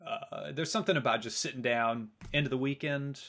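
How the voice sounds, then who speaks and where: A man co-hosting a podcast in casual chat, relaxed and hesitant, with many fillers. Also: mid-range voice, brisk. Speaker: podcast co-host.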